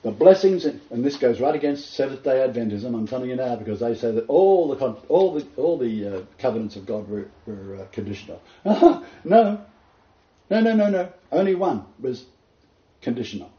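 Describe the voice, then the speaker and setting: Here a man of medium pitch and dark tone delivers a sermon fairly quickly, reading scripture and stressing what matters by saying it again and again. The audio is lo-fi, dull, and roomy.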